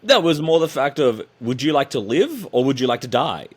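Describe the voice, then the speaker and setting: A man joins a podcast as a guest commentator. He rambles with a dry, sarcastic edge. His voice sits at an everyday middle pitch. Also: very animated, moderate pace, breathy edge. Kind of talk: casual podcast chat.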